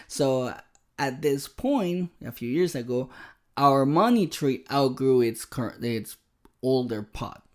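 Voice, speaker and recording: A man hosting a podcast, telling a personal story in an animated, self-deprecating way. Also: mid-range voice, slow. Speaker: podcast host. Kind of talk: casual storytelling monologue.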